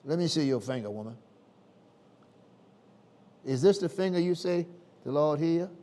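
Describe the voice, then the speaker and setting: A man preaching who voices a gruff husband scolding his wife in disbelief. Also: fairly high pitch, animated, moderate pace, mellow, lightly acted. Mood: scoffing.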